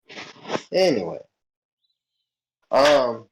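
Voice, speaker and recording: A man's voice: mid-range voice, expressive, slow pace, poor audio. A man playing a character in a tabletop game, stammering and repeating words as he talks. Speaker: player.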